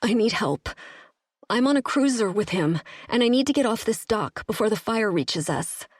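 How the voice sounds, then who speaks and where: A woman's voice: on the high side, expressive, moderate pace, husky, no echo, clean studio sound, pitched above the performer's own voice. A woman narrator voicing a frightened young human woman, speaking in pleading, breathless lines. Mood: desperate.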